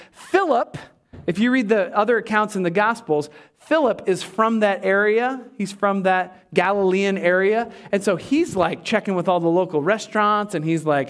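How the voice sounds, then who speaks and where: A male pastor with a fairly high voice delivers a lively sermon. He acts out the characters with quick, animated asides, then sinks to a slow, hushed tone to drive a point home. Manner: drops to a hushed, slow voice for emphasis.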